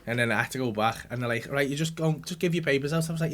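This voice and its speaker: A man's voice: mid-range voice, very fast. A man hosting a podcast, telling a sweary story and acting out the other people's lines. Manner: animated, sweary anecdote-telling, acts out quotes. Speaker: comedian and podcast host. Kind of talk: casual storytelling with a studio audience. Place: podcast studio with live audience.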